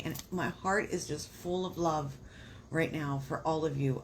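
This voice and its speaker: A woman's voice: low voice, steady tone, unhurried, slight background noise. A woman giving astrology readings on a live stream, talking casually with many fillers and growing emotional about her viewers. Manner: warm, emotional, chatty with frequent fillers. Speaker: astrology reader on a livestream.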